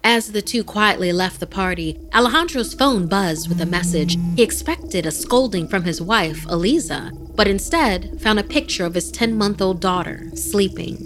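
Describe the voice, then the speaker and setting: A woman narrating a horror story podcast as its host, in a measured, dramatic storytelling voice. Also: mid-range voice.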